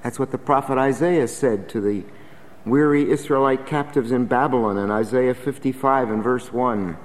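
A man's voice: mid-range voice, moderate pace, long reverb tail. A man preaching a sermon in an earnest, emphatic, exhorting manner.

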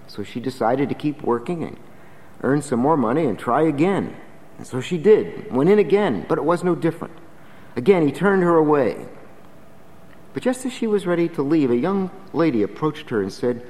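An earnest male preacher delivers a sermon, exhorting and emphatic, swelling on key phrases. His voice sits a little high for a man, and a long hall reverb trails behind every line. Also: lively intonation, normal speed, darkish tone.

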